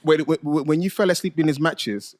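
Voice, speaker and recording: A man's voice: fairly high pitch, fairly quick. A man co-hosting a podcast in casual chat, heated and argumentative, repeating words to press his point. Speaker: podcast co-host.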